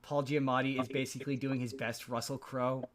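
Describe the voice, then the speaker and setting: A man's voice: medium pitch, level tone, brisk, a little hiss or hum. A man hosting a podcast, casually recapping a film in a rambling way, with frequent restarts and repeated words. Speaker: podcast host.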